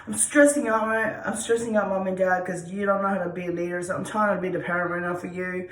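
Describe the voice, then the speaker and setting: A woman's voice: lowish voice, fairly even intonation, fairly quick, far from the mic, natural voice. A woman voicing a pet dog that is bossy and anxious, talking in short, repeated demands and pleas. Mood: stressed. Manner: repetitive, pleading, demanding. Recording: roomy echo.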